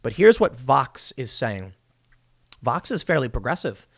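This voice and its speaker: An animated man with a mid-range, unhurried voice hosts political commentary, reading news articles and adding sarcastic, opinionated remarks that mock opponents.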